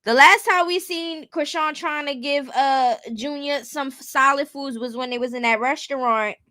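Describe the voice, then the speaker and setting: A woman's voice: high voice, moderate pace, bright, forceful tone, dry recording. A woman hosting casual commentary, blunt and rhetorical, often turning to her viewers with questions. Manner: blunt, rhetorical, keeps asking viewers "you get what I'm saying". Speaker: commentary host.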